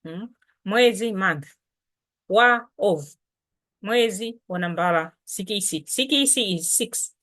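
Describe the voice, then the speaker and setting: Slow, patient woman teaching. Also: mid-range voice, lively intonation, a bit bright. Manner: patient, explains slowly with repetition. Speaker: language teacher. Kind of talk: language lesson.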